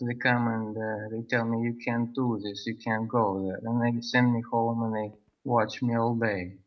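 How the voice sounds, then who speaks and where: A man playing a caller who pleads for help to leave his poor country, speaking halting broken English. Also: medium pitch, close to an everyday voice. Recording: dull lo-fi call audio.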